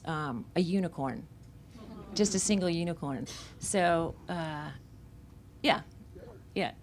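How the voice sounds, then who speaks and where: Low-voiced woman telling candid memories. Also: slight background noise. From Central Florida. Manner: candid, reflective storytelling. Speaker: author discussing her memoir. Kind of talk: conversational book talk. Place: bookstore event.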